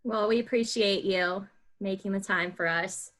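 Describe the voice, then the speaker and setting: A woman's voice: medium pitch, measured pace, a bit bright. A woman hosting a podcast who asks questions in an upbeat, casual chat and laughs often. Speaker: podcast host.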